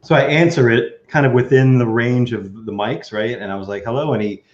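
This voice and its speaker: A man hosting a podcast, telling stories in a casual, animated way. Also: mid-range voice, brisk, lo-fi sound. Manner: animated, acts out quoted lines. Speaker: podcast host. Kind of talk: casual storytelling chat.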